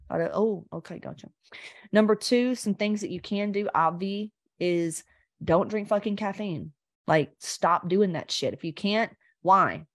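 Middle-aged woman host, lowish voice, profane and unfiltered, dry close sound. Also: no echo. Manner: blunt, profane and rambling; speaks straight to listeners. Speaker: podcast host and health coach. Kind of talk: casual unscripted coaching talk.

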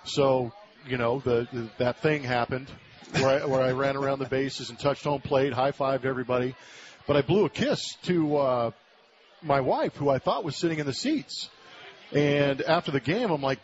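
A man's voice: mid-range voice, normal speed. A man in his forties from Southern California, a former ballplayer telling a story as a guest in a casual interview. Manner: animated storyteller, acts out quoted voices. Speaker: former baseball player, guest. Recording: muffled radio broadcast audio.

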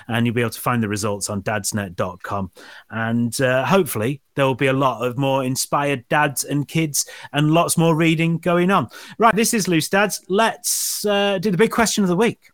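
A man hosting a casual podcast chat, relaxed, leading the segments and asking the others questions. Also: medium pitch, no echo, studio quality. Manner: relaxed, steers the show. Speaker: podcast host.

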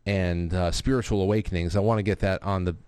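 A man's voice: low voice, fairly even intonation, quick pace, a little mellow, clear, resonant tone. A man hosting a casual live talk show who reads out viewer messages and rambles with restarts and profane asides. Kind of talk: casual live-stream talk, reading super chats.

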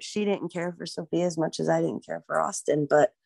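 Low gravelly middle-aged American woman. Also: fairly even intonation, a little fast, a little mellow, no echo. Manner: rambling, acts out quoted voices, lots of "like" and "you know". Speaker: mother of a missing girl, guest. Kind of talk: emotional interview talk.

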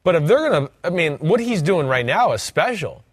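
A former player co-hosting a sports talk show, his voice sitting a little high for a man. The sound is dry and close, with no room around it. He breaks down the game in an animated way, slipping into other people's voices as he goes. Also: fairly quick, no echo. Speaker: former player turned co-host.

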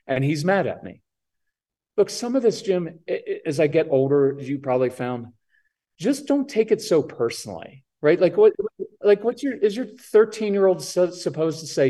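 A man's voice: a little high, moderate pace. A man on a podcast as a parenting coach guest, talking casually and acting out what kids and parents say. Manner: animated, acts out kids' and parents' lines.

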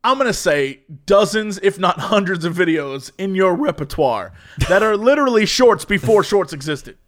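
This podcast co-host has a high-pitched voice and speaks at a moderate pace. He's an animated storyteller in a casual chat, laughing often as he goes.

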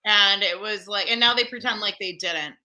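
A woman guest telling a story in casual chat, animated and full of fillers. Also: mid-range voice, normal speed, poor audio. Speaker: podcast guest.

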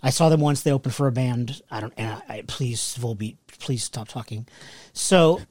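A man co-hosting a casual podcast, trading dry, deadpan quips. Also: medium pitch, moderate pace, no echo. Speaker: podcast co-host. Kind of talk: casual banter.

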